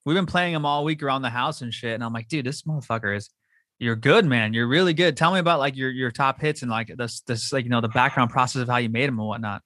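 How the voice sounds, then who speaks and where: A man's voice: medium pitch, fast talker, hardly any pauses, bright, forceful tone, no room sound, clean studio sound. A man hosting a casual chat, slangy and swearing freely, from Southern California. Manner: swears a lot, slangy and loose. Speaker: podcast host. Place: home.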